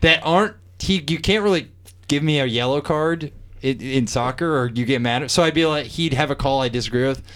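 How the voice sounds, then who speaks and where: A man's voice: mid-range voice, brisk, a bit bright. A man co-hosting a comedy podcast, telling stories in a wry, casual way. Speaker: podcast co-host.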